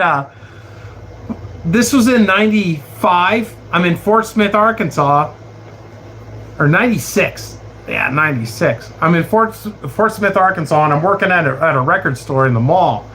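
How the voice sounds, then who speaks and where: A man's voice: a little high, a bit bright, a little hiss or hum. A man telling a rambling, profane story on a livestream, laughing often as he goes. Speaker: streamer reading chat stories.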